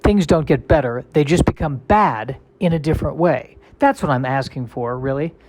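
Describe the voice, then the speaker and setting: A man's voice: a little high, moderate pace, a little mellow, no room sound. A male comedian in a casual solo monologue, rambling and self-deprecating with a wry tone.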